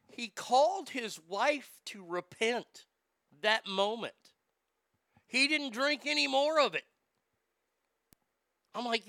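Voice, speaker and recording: A man's voice: extremely high pitch, lively intonation, slow, gravelly, pauses often, bright, forceful tone, dry recording. A middle-aged man hosting a casual talk show, telling stories in a wisecracking, profane way. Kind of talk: casual talk radio banter.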